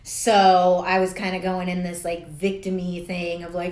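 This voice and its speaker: A woman's voice: on the low side, level tone, unhurried, hardly any pauses, darkish tone. Chatty woman, roomy echo. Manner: blunt and chatty, swears freely, laughs at herself. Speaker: life coach. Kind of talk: casual talk to camera.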